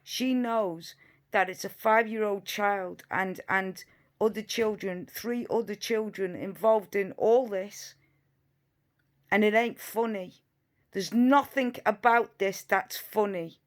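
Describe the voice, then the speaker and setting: A woman's voice: mid-range voice, slow pace. A woman giving reaction commentary on video clips, emphatic and indignant, repeating her points, sometimes sarcastic.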